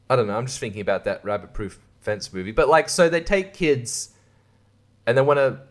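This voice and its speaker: Aussie guy doing a crude podcast rant, cracks himself up, loose and irreverent. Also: mid-range voice. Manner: crude, irreverent, laughs at his own jokes. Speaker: podcast host. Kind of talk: casual comedic monologue.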